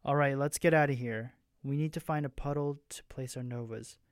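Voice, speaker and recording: A man voicing a bold, teasing young alien woman who speaks in a hushed, wry voice. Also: medium pitch, normal speed, no room sound, clean studio sound, natural voice.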